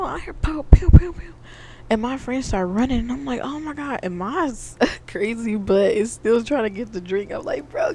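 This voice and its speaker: A young woman telling a casual storytime, chatty and animated, talking straight to her viewers and acting out sound effects. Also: lowish voice, a little hiss or hum. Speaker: vlogger.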